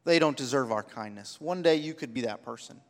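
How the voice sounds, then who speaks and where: A man's voice: mid-range voice, lively intonation, fairly quick, in a large hall. A man preaching a sermon, telling personal stories with heartfelt, rising emphasis. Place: church sanctuary.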